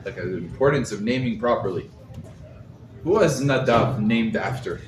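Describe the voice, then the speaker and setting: Animated rabbi teaching a roomy class. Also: male voice, fairly low pitch, moderate pace. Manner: animated teacher, quizzes listeners, Hebrew terms. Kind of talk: Torah class to a live group. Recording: roomy echo, mic set far off, faint background noise.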